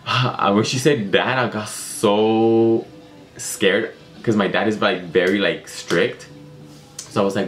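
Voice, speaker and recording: A man's voice: lowish voice, fairly even intonation, slow. A young man telling a story to camera in a casual, rambling way, with lots of filler words. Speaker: vlogger.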